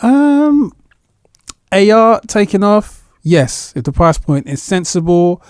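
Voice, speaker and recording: Male podcast co-host, agreeable and chatty, slightly raised pitch, dry mic. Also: big pitch swings, takes it slowly, smooth, no echo. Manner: chatty, agreeable, lots of "yeah". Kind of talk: casual chat.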